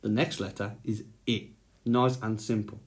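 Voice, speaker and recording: Slow, patient male phonics teacher. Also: fairly low pitch, steady tone. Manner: slow, patient, sounding out letters. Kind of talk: phonics lesson for young children.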